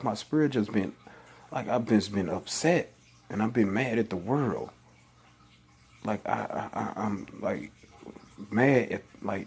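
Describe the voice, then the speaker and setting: In an informal scripture talk, a man with a lowish, darkish, slightly rough voice reads passages and preaches about them. As a religious vlogger he speaks loosely, restarting often and asking exasperated questions.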